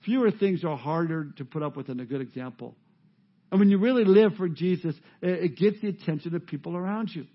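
Emphatic high-voiced preacher, muffled audio. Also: male voice, fairly quick. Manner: emphatic, rising to loud peaks. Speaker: pastor. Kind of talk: sermon.

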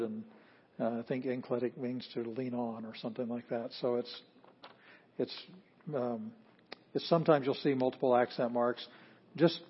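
A man's voice: mid-range voice, slightly rough, dull audio. Chuckling man lecturing a class. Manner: relaxed, chuckling, plainspoken, with fillers. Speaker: Greek teacher.

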